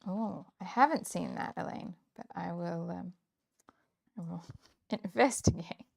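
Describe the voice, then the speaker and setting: With a lowish, gravelly voice that's a little mellow and has a breathy edge, this Kansas woman talks somewhat slowly. She hosts a scrapbooking livestream, chatting, laughing often, and reflecting aloud as she crafts.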